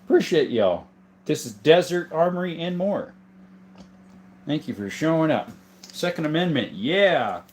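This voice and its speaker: A man's voice: on the high side, very animated, a little slow, long pauses, a little hiss or hum. A man in his thirties from southern Arizona, chatting casually on a livestream, greeting viewers by name and showing his collection. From southern Arizona, USA. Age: 30s. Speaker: livestream host and gun collector. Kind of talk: casual livestream chat reading comments.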